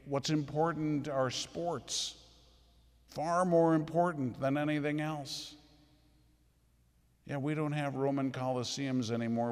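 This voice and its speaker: A man's voice: on the high side, creaky, darkish tone. A man preaching a sermon, emphatic and full of rhetorical questions, in a church. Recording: echoey hall with long reverb.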